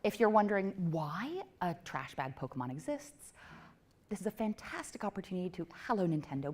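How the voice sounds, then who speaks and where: A woman giving a talk at a tech meetup, quick with self-mocking jokes and asides to the crowd. Her voice sits a little low but swings widely in pitch. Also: very animated, a little mellow. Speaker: conference speaker. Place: event venue before a live audience.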